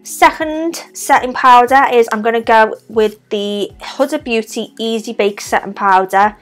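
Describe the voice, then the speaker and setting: A young Scouse woman talks at a measured pace in a slightly high voice, faint music in the background. It's a casual makeup tutorial, and she chats her way through every step while doing her makeup.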